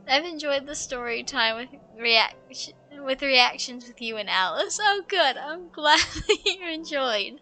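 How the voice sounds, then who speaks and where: A woman's voice: high voice, animated, measured pace, few pauses, sharp tone, faint music behind. A woman streaming a video game live, reading story text aloud and reacting expressively, with ready laughter.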